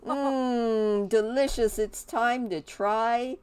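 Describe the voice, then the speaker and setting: A woman's voice: a little high, steady tone, drawn-out words, a crowd in the background. A woman giving casual, playful gameplay commentary, chatty and gushing over the babies in her game.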